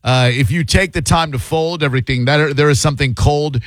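A man's voice: fairly high pitch, brisk, dry recording. A man hosting a radio call-in show, riffing wryly and with strong opinions in casual banter with callers.

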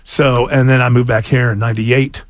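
A man in his fifties hosting a radio show, rambling in casual banter with lots of halting restarts. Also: medium pitch, level tone.

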